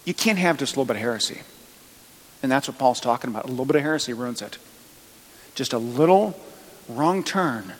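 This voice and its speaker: A man's voice: medium pitch, lively intonation, a little fast, long pauses, long reverb tail, poor audio. A man preaching a sermon as pastor, chatty, with joking asides. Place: church.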